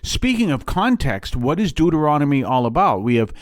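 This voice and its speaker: Rambling middle-aged priest host, dry sound. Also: male voice, a little high, very animated, a little fast, no room sound. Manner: rambling and digressive, with many fillers and asides. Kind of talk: casual homily-style monologue.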